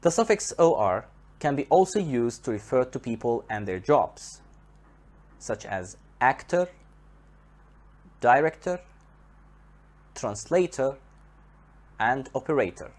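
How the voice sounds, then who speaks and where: A male English teacher whose first language is Arabic gives a patient grammar lesson. He spells suffixes out letter by letter and says each example word twice. His pitch rises and falls a lot, and he keeps an unhurried, deliberate pace. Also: big pitch swings, darkish tone. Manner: spells out letters and repeats words for stress. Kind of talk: slow, careful grammar lesson.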